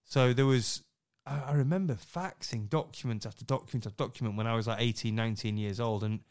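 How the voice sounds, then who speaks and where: Chatty podcast host. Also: male voice, mid-range voice, quick pace, darkish tone. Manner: chatty, laughs easily, upbeat sign-off. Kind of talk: casual podcast chat.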